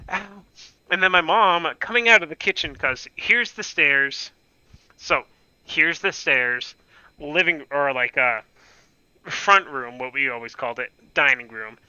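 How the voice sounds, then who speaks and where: A man's voice: a little high, bright, forceful tone, clear, resonant tone, no room sound, highs cut off. A young man casually telling a rambling, profane, self-mocking story on his gaming channel.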